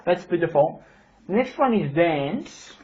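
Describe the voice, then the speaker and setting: A reviewer talks casually through a software demo in a steady, middle voice, often stopping to restart a phrase. The recording is dull and has a faint hiss behind it. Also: mid-range voice. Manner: explanatory, halting restarts. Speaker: product reviewer. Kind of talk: casual demonstration.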